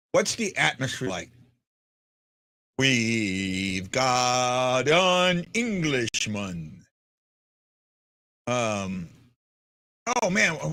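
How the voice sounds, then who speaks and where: Rambling, lively-voiced male stream host. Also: on the high side, no echo. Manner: rambling, joking, talks to chat viewers by name. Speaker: livestream host. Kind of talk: casual live-stream chat.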